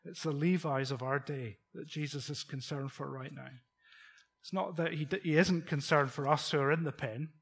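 Husky-voiced preacher. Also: male voice, fairly high pitch, fairly even intonation, normal speed, fairly bright tone. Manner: conversational, rhetorical questions, chuckles. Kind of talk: sermon.

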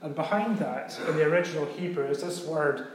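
A man's voice: fairly high pitch, brisk, slight background noise. A male pastor giving a sermon in a conversational, teaching way, often checking in with his listeners. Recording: very echoey room.

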